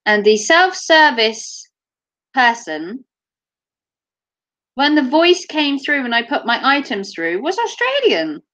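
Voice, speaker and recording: A woman's voice: high-pitched, sing-song, slow, pauses often, pushed and bright. A woman chatting casually to camera as a vlogger, giggly and teasing.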